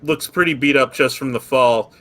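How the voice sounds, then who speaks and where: A man in the game master's seat, narrating scenes and calling out rolls at an ordinary pitch. He speaks in a relaxed way and keeps the table moving. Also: normal speed. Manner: relaxed, rule-explaining narration with fillers.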